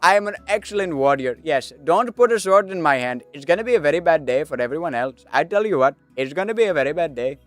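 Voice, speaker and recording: A man's voice: a little high, expressive, fast talker, hardly any pauses, dry recording, voice pushed up, lightly acted. A man doing an Indian-accented old warrior monk. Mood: warning. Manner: lilting, emphatic, repeats warnings. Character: muscular old male warrior monk, calm but menacing.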